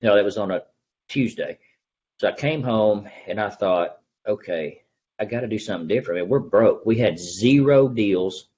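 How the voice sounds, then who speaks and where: A middle-aged man with an East Texas drawl and a husky, fairly low voice tells a story in a folksy, earnest way, slipping into the voices of people he remembers. He is a real estate agent in a casual interview. The recording sounds dull and lo-fi. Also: normal speed, darkish tone. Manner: folksy, earnest storyteller who acts out the dialogue he recalls.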